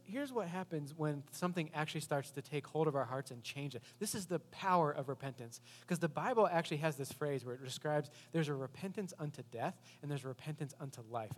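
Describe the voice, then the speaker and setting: Male pastor, fairly high voice, conversational sermon, long reverb. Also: expressive, a little fast, hardly any pauses. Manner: earnest, conversational preaching with rhetorical questions.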